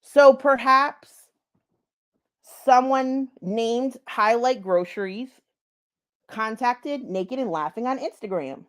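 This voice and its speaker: A woman's voice: on the high side, slow pace, a bit bright. A woman vlogger giving blunt, profane commentary and talking straight to her viewers. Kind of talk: casual drama commentary.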